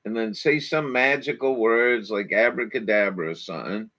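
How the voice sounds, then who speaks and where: A man's voice: on the low side, normal speed, bright, forceful tone. A man hosting a morning show, reacting to videos in casual chat with a crude, swearing, folksy way of talking. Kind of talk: casual commentary over videos.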